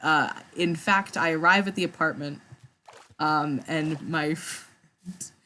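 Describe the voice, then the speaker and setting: A young woman with a low-pitched, sharp-toned voice speaks slowly and fairly evenly, with a little hiss or hum in the background. As a gaming vlogger, she rambles through a story during play, stammering, restarting and swearing.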